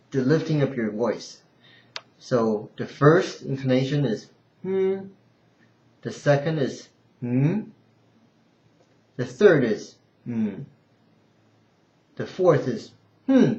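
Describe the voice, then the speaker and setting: A man teaching a language lesson unscripted, halting and restarting with fillers, then singing out tone examples. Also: mid-range voice, darkish tone. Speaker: Mandarin teacher. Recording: roomy, dull lo-fi home recording.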